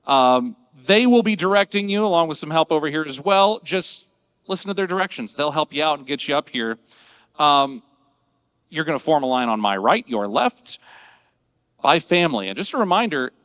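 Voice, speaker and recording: A man's voice: on the high side, a bit bright, no room sound, in a large hall. A man emceeing an awards ceremony, joking and giving upbeat instructions to a crowd. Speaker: master of ceremonies.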